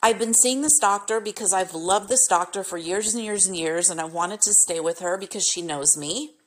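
A woman's voice: medium pitch, normal speed. A middle-aged woman from California hosting a podcast, venting her frustration in an emphatic, exasperated rant. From California, United States. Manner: exasperated, emphatic, repetitive complaints. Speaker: podcast host.

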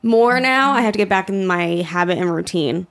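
A woman's voice: mid-range voice, moderate pace, vocal fry, a bit bright. Young woman on a podcast, gabby, cursing, giggling a lot, does little voices for quotes. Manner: chatty, swears freely, laughs often, acts out quotes. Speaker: podcast co-host. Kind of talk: casual chat.

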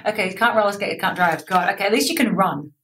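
Woman interviewer, chatty and excitable, sits back from the mic. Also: mid-range voice, fast, recorded from a distance, slight background noise. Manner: chatty, excitable, swears casually. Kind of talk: casual interview chat.

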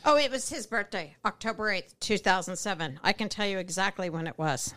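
A woman's voice: mid-range voice, fairly quick, crowd noise. A woman guest on a podcast, chatting casually and answering briefly with amusement. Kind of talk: casual interview chat.

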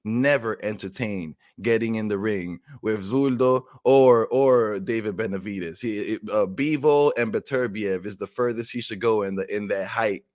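A man's voice: on the low side, normal speed, hardly any pauses, darkish tone, dry recording, studio quality. A man co-hosting a casual boxing talk show, giving blunt, opinionated takes. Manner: opinionated, frank, with restarts.

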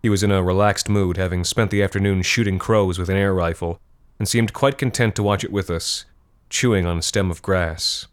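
Deep-voiced man narrating dark fiction. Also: fairly even intonation, a little fast, clean tone. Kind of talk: scripted horror fiction narration.

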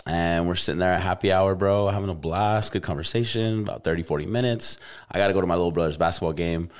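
A young man from Albuquerque with a lowish voice tells a long story in casual podcast chat. His talk is loose and slangy, full of "bro" and "like.". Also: fast. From Albuquerque, New Mexico. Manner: laid-back, slangy, says "bro" constantly.

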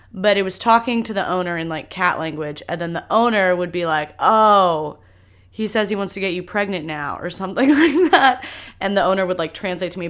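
Young woman podcast host rambling frankly, gets loud then drops quiet. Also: fairly low pitch. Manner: candid, animated, swings loud and soft. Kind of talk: solo podcast chat.

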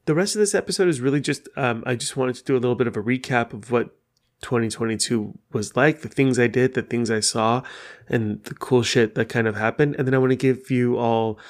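A man's voice: mid-range voice, moderate pace. Blunt, foul-mouthed man chatting solo. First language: Persian. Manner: profane, frank, rambling with many fillers. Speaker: podcast host. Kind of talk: casual solo podcast talk.

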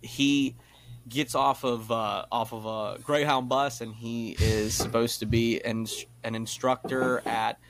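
Male podcast guest, mid-pitched, rambling and filler-heavy; casual video-call chat. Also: fairly even intonation, takes it slowly, background noise. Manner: rambling with many fillers and restarts. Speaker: podcast guest, tribute performer.

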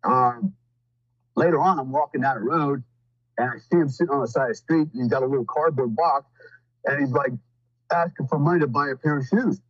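A man's voice: medium pitch, fairly quick, fairly bright tone, breathy edge, no room sound, muffled recording. A man talking as a podcast guest, telling stories in a blunt, profane, rambling way with lots of fillers. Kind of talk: casual storytelling.

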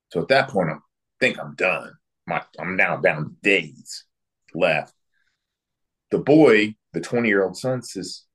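A man being interviewed, telling a long story from his time as a military interrogator in brisk, anecdotal bursts and acting out the exchanges he quotes. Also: deep voice, lively intonation, fairly bright tone, husky. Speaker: guest, former military interrogator.

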